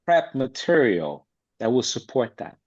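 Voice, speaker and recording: A man's voice: medium pitch, very animated, measured pace, darkish tone. A man speaking as a podcast guest about acting, blunt and emphatic in a streetwise way. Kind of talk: casual interview chat. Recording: slightly dull lo-fi sound.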